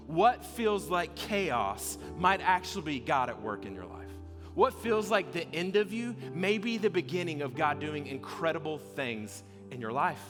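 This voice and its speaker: A young man telling a story as a pastor in a sermon, animated and acting out scenes with shouts and laughter. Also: fairly high pitch, unhurried. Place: church hall. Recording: hall reverb with faint music.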